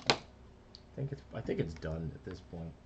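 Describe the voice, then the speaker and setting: Man, animator streaming, casual rambling chat, lively swinging pitch. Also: moderate pace, heavy background noise. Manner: rambling, self-talk while working.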